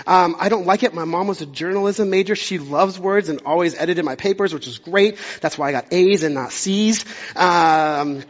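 Chatty young pastor preaching. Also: male voice, high voice, normal speed. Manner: conversational, self-deprecating, jokey asides. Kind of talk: sermon. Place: church sanctuary. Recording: dull sound with long hall reverb.

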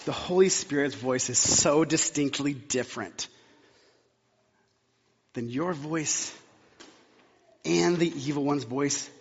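A pastor preaching a sermon, talking conversationally and hammering points home with repetition. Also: male voice, fairly high pitch, takes it slowly, creaky, long pauses, slight background noise. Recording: long hall reverb, dull sound.

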